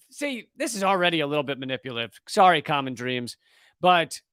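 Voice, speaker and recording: A man's voice: sits high, fairly bright tone, no room sound. A man, a comedian, ranting sarcastically and with lots of swearing as he reads from and reacts to a news article. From United States. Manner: profane, sarcastic and exasperated. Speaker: comedian and political commentator.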